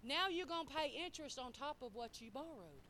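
A middle-aged woman preacher giving a sermon, telling folksy stories and prodding her congregation for responses, swinging between quiet and loud. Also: sits high, animated, brisk, a little hiss or hum.

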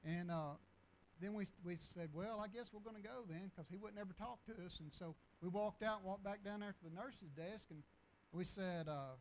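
A man preaching in a loose, storytelling style. His voice sits high for a man, and he circles back over his words with restarts and chuckles. A faint hum of ambience sits behind him. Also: moderate pace, low-quality recording. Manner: folksy, rambling with restarts and chuckles. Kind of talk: storytelling sermon.

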